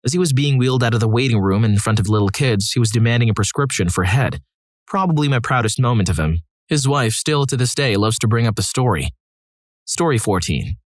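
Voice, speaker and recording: A man's voice: mid-range voice, expressive, brisk, no echo. A man narrating read-aloud stories in a scripted style, adding wry, dry asides between them. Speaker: story narrator.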